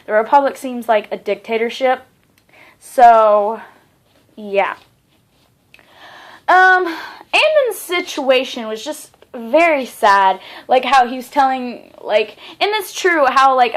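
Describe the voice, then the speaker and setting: A young woman reviewing a novel in a casual vlog, gushing and excitable, full of fillers and restarts. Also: high voice. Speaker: book reviewer.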